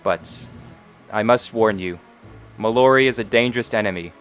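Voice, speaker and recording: A man voicing a humble, motherly spirit that speaks gently inside a character's mind. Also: lowish voice, normal speed, faint music behind, close to an everyday voice. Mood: gentle. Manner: soft, hushed.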